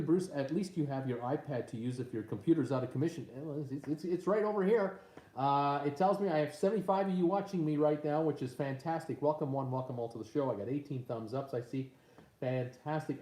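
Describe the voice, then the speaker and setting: A man's voice: medium pitch, warm tone. A man hosting a casual live stream at home on his tablet, reading viewer comments aloud with lots of uhs and ums. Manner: reads viewer comments aloud with many fillers. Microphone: tablet mic. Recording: echoey room.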